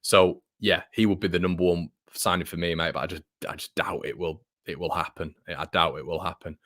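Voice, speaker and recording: Young male host, deep voice, dry close mic, chatty and informal. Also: steady tone, brisk, a bit bright, no room sound. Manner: chatty, frequent restarts and fillers, says mate a lot. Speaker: fan channel host reading live chat. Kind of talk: casual live-stream chat.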